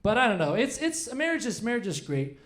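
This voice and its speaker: A stand-up comedian in his forties works the room from a club stage. He is a man who rambles and restarts, makes fun of himself, and his pitch swings up and down. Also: big pitch swings, a little fast, a bit bright. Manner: rambling, self-deprecating, many restarts.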